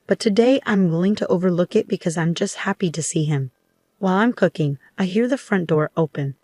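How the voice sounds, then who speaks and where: A woman in her late twenties telling a first-person story in an even, matter-of-fact way. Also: lowish voice, no echo. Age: late 20s. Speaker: narrator.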